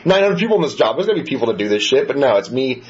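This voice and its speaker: A man's voice: medium pitch, very animated, racing. A man co-hosting a podcast, telling a rambling, profane story in casual chat. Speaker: podcast co-host. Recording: muffled lo-fi recording with faint hiss.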